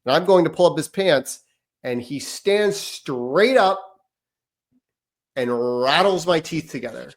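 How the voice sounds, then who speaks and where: A fairly high-pitched man on a parenting podcast, recounting his week with lively, animated energy. His sentences often trail off into ums and restarts. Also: takes it slowly. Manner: animated storytelling, trailing off into fillers. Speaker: podcast co-host. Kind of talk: casual chat.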